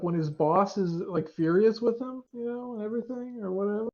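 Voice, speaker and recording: A man playing a tabletop game, excitable and rambling. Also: high voice, a little fast, lo-fi sound. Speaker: player.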